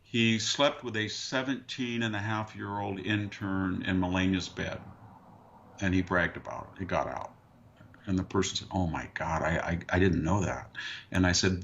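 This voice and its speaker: Older male guest, low gravelly voice, dry anecdotal storyteller, muffled lo-fi line. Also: a little slow, a bit bright. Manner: dry, anecdotal, mimics others mid-story. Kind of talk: conversational storytelling. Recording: dull lo-fi remote audio.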